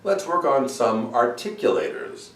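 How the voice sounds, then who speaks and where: A man teaching vocal warm-up exercises as a voice coach and demonstrating the sounds himself. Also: wildly swooping pitch, unhurried, echoey room, far from the mic. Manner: demonstrates sung vocal exercises, swooping high to low.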